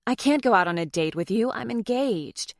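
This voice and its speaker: A guarded young woman lawyer, voiced by a woman narrator, crisp and clipped in a plain mid-range voice. The recording is dry and close. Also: a little high, lively intonation, moderate pace, no room sound, voice pushed up. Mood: wry.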